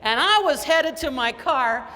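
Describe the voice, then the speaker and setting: Canadian lady keynote speaker, slow deliberate and punchy, big echoey hall, a bit of noise. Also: lively intonation, bright, forceful tone. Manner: high-energy, emphatic storytelling. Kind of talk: motivational keynote. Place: large conference hall.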